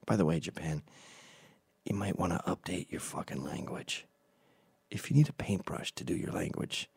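A man's voice: low voice, big pitch swings, fairly quick, gravelly, dark tone, breathy edge. A middle-aged man from Scotland telling a crude, rambling comic story at home at night.

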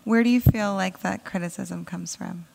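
A woman's voice: medium pitch, normal speed, gravelly, in a large hall, noisy background. A woman hosting an interview, asking long, musing questions with plenty of fillers. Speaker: podcast host and interviewer. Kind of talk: interview conversation.

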